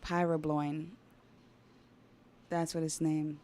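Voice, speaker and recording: A young woman on a casual livestream, talking through a story with excitable chatter and offhand swearing. Her voice sits a little low. It is recorded on a desktop mic. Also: slow pace. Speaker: streamer.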